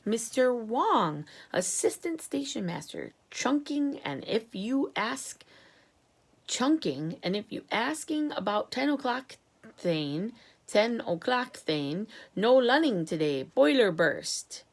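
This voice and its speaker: A woman doing a slow, high, chirpy phone voice. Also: very animated, vocal fry, breathy edge, full character voice.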